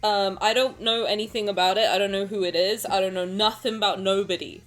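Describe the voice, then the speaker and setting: A woman's voice: medium pitch, steady tone, brisk. A woman streamer in casual live-stream chat, talking in a frantic, rambling, self-mocking way.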